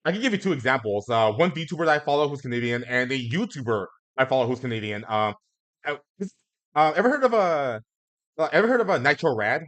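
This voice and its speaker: A man's voice: medium pitch, animated, quick pace, a bit bright. A man hosting a casual talk stream, speaking hesitantly with frequent restarts. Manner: hesitant, many fillers and restarts. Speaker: host. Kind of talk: casual chat.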